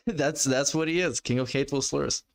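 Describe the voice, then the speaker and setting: A man's voice: medium pitch, moderate pace, gravelly. A man reacting live to a clip with sarcastic, mocking, profanity-laden commentary. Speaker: reaction streamer.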